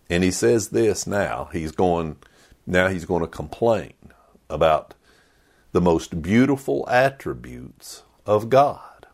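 Pastor, male, low voice with lively swings, slow deliberate sermon delivery, dramatic readings. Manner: dramatic, voices quoted complaints with rising pitch.

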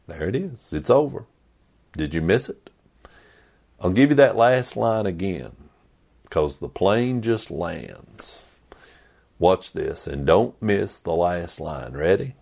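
A male pastor preaching a sermon in an animated, conversational way with playful asides. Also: deep voice, slow, creaky, long pauses, breathy edge.

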